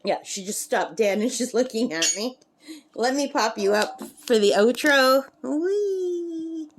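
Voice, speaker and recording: A woman's voice: on the high side, normal speed, a little hiss or hum. A woman chatting casually to camera at a lakeside camp, laughing often and cooing at her pet bird. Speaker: craft vlogger.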